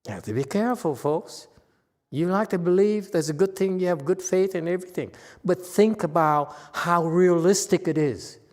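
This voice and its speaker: A man with a Chinese accent giving a Buddhist Dharma talk, explaining ideas slowly and often checking with his listeners. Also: sits high, a little mellow, in a large hall. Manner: slow, conversational teaching with frequent "okay?" checks. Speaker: Buddhist meditation teacher. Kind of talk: Dharma talk with audience questions.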